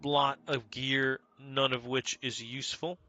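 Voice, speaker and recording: During a casual gameplay stream, this male streamer talks to his chat by name, swears without a second thought and gets excited. His voice sits in the mid range and he speaks a little slowly.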